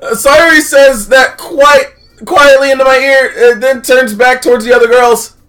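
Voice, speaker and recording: A man's voice: extremely high pitch, fairly even intonation, moderate pace, a bit bright, faint music behind. A man narrating a visual novel on stream, rambling with many "uh"s and crude jokes. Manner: rambling, filler-heavy, jokey, self-interrupting. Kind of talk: comedic game read-through.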